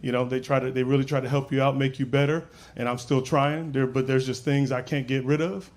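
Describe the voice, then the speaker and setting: A man's voice: mid-range voice, level tone, fairly quick, a little mellow. A man performing stand-up on a comedy club stage, rambling casually toward crude punchlines. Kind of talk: stand-up routine. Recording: very noisy live club recording.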